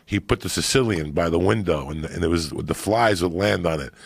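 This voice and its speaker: A middle-aged man telling animated, profane stories in casual chat on a podcast. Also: low-pitched, a little fast, vocal fry, slightly rough, dry recording. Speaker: podcast guest storyteller.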